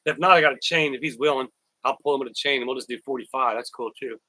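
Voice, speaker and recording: A man's voice: mid-range voice, fast talker, bright, forceful tone, dry recording, poor audio. A man hosting a casual live stream, rambling, repeating words and thanking viewers by name. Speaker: YouTuber live-stream host.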